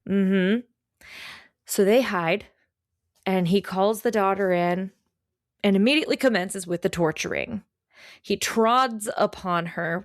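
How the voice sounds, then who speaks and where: A woman's voice: medium pitch, no room sound. Woman retelling a folk tale on a podcast, chatty and irreverent, says like a lot, dry close sound. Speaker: podcast co-host. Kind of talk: casual storytelling.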